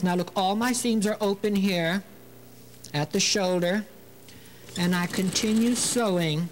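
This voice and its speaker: A chatty man teaching sewing on a TV show. He mixes clear stitch-by-stitch steps with corny jokes and laughs at his own punchlines. He also talks to the fabric and thread as if they could hear him. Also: high voice, measured pace, long pauses, slight background noise, low-quality recording. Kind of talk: TV sewing demonstration.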